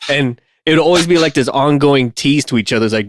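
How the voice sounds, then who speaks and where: A man's voice: a little high, quick pace, few pauses, no room sound. A man in a casual podcast chat, heard close and dry on the mic. He talks at an easy pace, laughs a lot and leans on fillers as he tells stories. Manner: relaxed, laughs often, many fillers. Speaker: podcast co-host.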